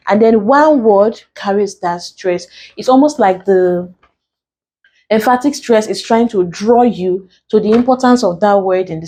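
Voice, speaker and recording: Mellow-voiced woman teaching an exam lesson. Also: medium pitch, low-quality recording. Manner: explains patiently, repeats key points, slows down to dictate notes. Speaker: English teacher.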